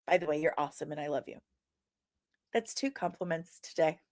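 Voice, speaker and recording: A sniffly woman with a lingering cough hosting a casual live stream. She greets viewers with loud, sing-song shouts and chats in a playful, teasing way. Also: fairly low pitch, very animated, brisk. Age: adult, old enough to remember films from forty years ago. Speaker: host of a daily pop-culture live show.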